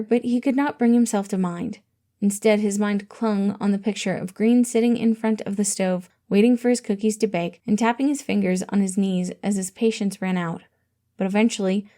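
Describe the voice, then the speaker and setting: Mellow woman reading a story aloud. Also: mid-range voice. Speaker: audiobook reader. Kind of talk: reading fan fiction aloud.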